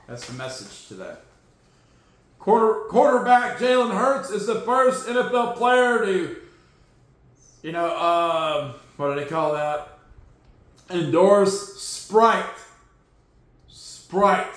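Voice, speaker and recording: A man with a high voice talks football news in a loose, sarcastic way, jumping from loud jabs to muttered asides. His voice rings around a very echoey room. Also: lively intonation, slow pace, pauses often. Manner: sarcastic, joking, swings between loud outbursts and low mutters. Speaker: podcast host. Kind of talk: casual sports commentary.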